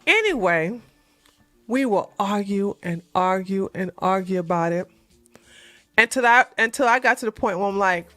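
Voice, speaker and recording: Blunt, bright-voiced woman telling a story. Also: mid-range voice, moderate pace, dry recording, faint music behind. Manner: blunt, animated, repeats for emphasis. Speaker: relationship advice channel host. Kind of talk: storytelling monologue to viewers.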